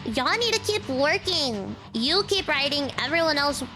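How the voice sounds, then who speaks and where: A woman's voice: high-pitched, sing-song, unhurried, over music. A woman streaming a story game, reading the lines aloud and breaking off into exasperated comments.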